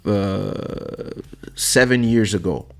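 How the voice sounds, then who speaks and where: A man's voice: on the low side, extremely slow, vocal fry, soft background music. A man hosting a podcast, talking casually and telling a personal story, acting out the voices of the people in it. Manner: animated storyteller who acts out voices in quotes. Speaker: podcast host and musician. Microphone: studio podcast microphone.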